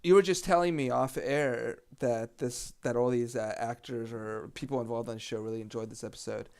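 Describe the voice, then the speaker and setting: A man's voice: mid-range voice, fairly even intonation, brisk, gravelly, a little mellow, clear, resonant tone. A man co-hosting a podcast in casual chat, easygoing and teasing, rambling with fillers and restarts. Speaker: podcast co-host.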